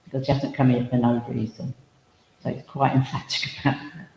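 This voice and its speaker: A man's voice: medium pitch, level tone, brisk, gravelly, a little mellow. Chatty male medium in an echoey hall. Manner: chatty and humorous, full of asides and anecdotes. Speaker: spiritualist medium and minister. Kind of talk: mediumship demonstration at a service. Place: village hall. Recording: echoey hall reverb, faint noise.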